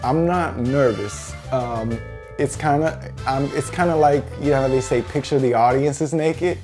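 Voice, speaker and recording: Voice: a little slow, a little mellow. A new comedian with a country Southern US accent, speaking candidly and crudely in an interview. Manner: candid and crude, jumps into high voices in quotes. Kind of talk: confessional interview. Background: music bed.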